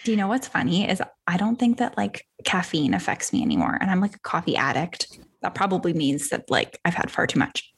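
A woman's voice: lowish voice, big pitch swings, brisk, gravelly, slight background noise. A bubbly young woman chatting casually as a podcast co-host, with lots of "like" and "um". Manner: bubbly, filler-heavy. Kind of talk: casual chat.

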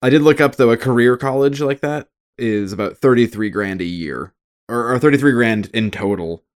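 A man co-hosting a casual podcast, animated and laughing as he riffs on favourite moments. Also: medium pitch, moderate pace. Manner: animated, laughs while quoting lines. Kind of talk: casual chat.

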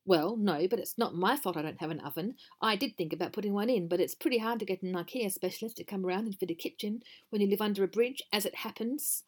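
A woman voicing a cross, sulky male troll who shouts and jeers from under his bridge, in a storybook reading. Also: mid-range voice, fast talker, hardly any pauses, natural voice. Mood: jeering. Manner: shouty and jeering.

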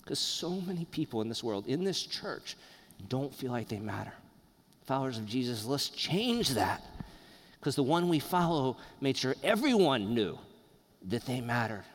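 Earnest pastor preaching in a reverberant church. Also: male voice, medium pitch, big pitch swings. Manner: earnest, conversational preaching with pauses. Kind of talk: sermon. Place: church sanctuary.

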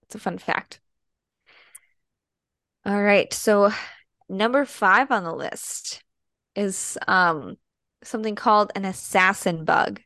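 A woman's voice: medium pitch, slow pace, long pauses, bright, forceful tone, dry recording, studio quality. A woman from the American Midwest co-hosting a podcast in casual chat, squeamish and full of fillers. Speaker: podcast co-host.

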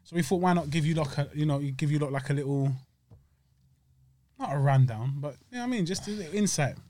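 A man's voice: on the high side, animated, fast talker, warm tone. Chatty man eating on mic. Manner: rambling, slangy, chatty with food breaks. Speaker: podcast co-host. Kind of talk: casual chat while eating.

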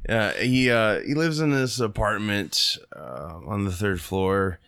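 Guy with a lowish smooth voice rambling thru a goofy movie pitch, lots of uh and you know. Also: takes it slowly, fairly bright tone, dry recording, clean studio sound. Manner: rambling storyteller with many fillers, briefly mimics characters. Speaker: podcast host pitching a movie plot. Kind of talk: casual comedic chat.

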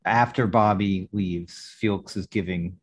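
A man's voice: sits low, unhurried, husky. A man co-hosting a podcast in casual chat, rambling and restarting often. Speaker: podcast co-host.

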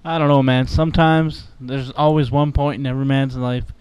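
A man's voice: mid-range voice, steady tone, brisk, a little mellow, clean tone, no echo. A man on a casual podcast, crude and ribbing, asking the others questions. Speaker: podcast guest.

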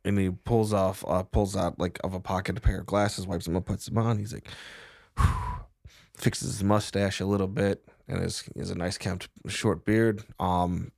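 A man narrating as game master in a halting, descriptive way. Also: deep voice, steady tone, vocal fry, darkish tone, dry recording, clean studio sound. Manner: halting, descriptive, full of fillers.

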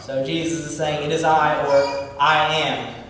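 A man's voice: on the high side, level tone, measured pace, fairly bright tone. A man leading an informal Bible teaching, speaking conversationally with many fillers and restarts. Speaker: Bible study leader. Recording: distant mic in an echoey hall, faint room noise.

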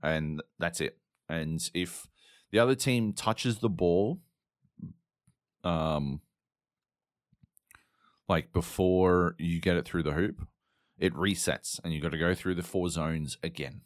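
Speaking slowly, with long pauses, a low-voiced man rants alone on his gaming podcast, swearing often and leaning on fillers. The mood is exasperated and rambling, and the sound is dry and clean like a studio.

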